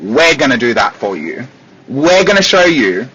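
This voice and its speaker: An Australian man, a psychic medium, chatting casually with viewers on a livestream from his desk, animated and laughing often. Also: medium pitch, moderate pace, slightly rough. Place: at a desk at home. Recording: dull lo-fi livestream audio.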